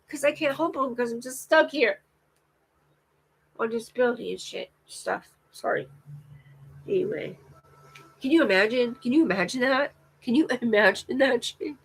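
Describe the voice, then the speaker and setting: A woman's voice: sits high, a bit bright, rough recording. A woman rambling through a live stream monologue, full of fillers and restarts, swearing often. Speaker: vlogger.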